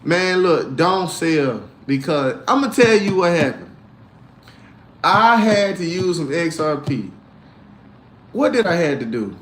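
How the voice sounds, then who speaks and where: Animated slangy man in an echoey room. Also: slow, long pauses. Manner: animated, swinging from low grumbles to loud outbursts; slangy, preachy mix of faith and crypto talk. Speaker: crypto livestream host. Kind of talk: casual livestream chat reading comments.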